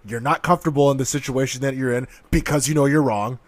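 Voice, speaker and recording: A man's voice: mid-range voice, fast talker, dry recording. A man giving heated, profane ranting commentary in an aggressive, sarcastic manner. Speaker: online commentator.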